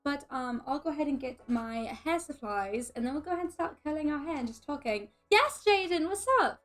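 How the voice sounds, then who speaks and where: Woman putting on a high-voiced mock English accent, casual stream chat. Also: animated, moderate pace, soft background music. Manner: chatty, greets and thanks chat while doing her hair.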